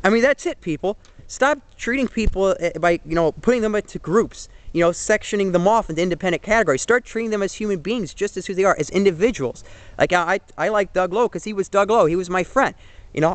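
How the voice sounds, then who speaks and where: A young man in his twenties talks straight to the camera, earnest and rambling, full of fillers and restarts. His voice sits a little high. The sound is dry, with almost no room echo. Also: lively intonation, fast. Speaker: vlogger. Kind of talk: casual opinion monologue to camera.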